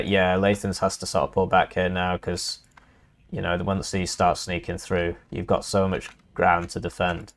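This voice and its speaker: A young man casting a live strategy game match, casual and rambling with lots of fillers. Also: low voice. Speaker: caster.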